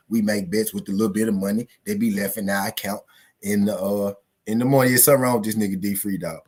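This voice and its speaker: A man hosting a live boxing talk stream, hyping the day with loud slangy, profane banter and chanting along with his chat. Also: on the low side, breathy edge. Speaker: host.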